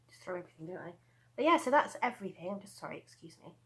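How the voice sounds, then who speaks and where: A woman's voice: fairly low pitch, sing-song, fast, rough recording. A woman in her thirties chatting casually at home as she shows off her handmade crochet pieces, rambling with asides and laughs. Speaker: crochet vlogger. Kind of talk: casual show-and-tell chat.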